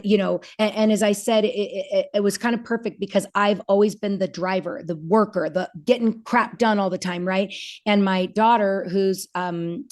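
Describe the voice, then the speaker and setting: A woman's voice: medium pitch, darkish tone. A woman in her forties, a podcast guest, talking candidly and earnestly, with frequent restarts, and voicing the people she quotes. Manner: earnest, halting with many restarts, acts out quoted dialogue. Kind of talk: candid personal conversation.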